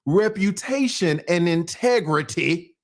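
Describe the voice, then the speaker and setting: A man's voice: high-pitched, lively intonation, slow. A man from Atlanta, hosting a casual, profane livestream commentary, often laughing. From Atlanta, USA. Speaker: YouTube commentary host.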